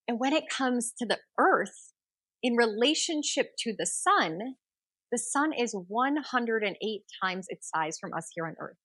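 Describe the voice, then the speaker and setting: A woman hosting an astrology podcast who tells a myth and then teaches, with expressive, rhythmic storytelling. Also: on the high side, no room sound.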